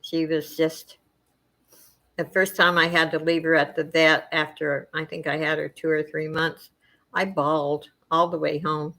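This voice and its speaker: A middle-aged woman hosting a casual chat with her viewers, soft-spoken and emotional, wandering from thought to thought with many fillers. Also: low voice, level tone, unhurried. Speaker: channel host chatting with viewers.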